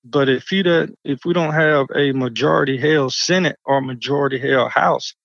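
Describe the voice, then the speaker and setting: A county commissioner from Georgia answering interview questions over the phone, earnest and halting with restarts. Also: male voice, medium pitch, vocal fry, a bit bright, no echo. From Georgia, United States. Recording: lo-fi phone line.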